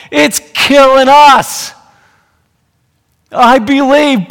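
A man acting out a worried, doubting father of a sick boy, speaking haltingly and trailing off, in a hall with long reverb. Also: on the low side, mellow, voice pushed down, natural voice.

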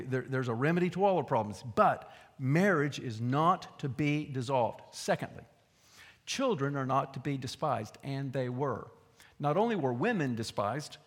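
Pastor preaching in a reverberant hall. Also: male voice. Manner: conversational preaching, drops to a low aside and rises with emphasis. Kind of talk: sermon.

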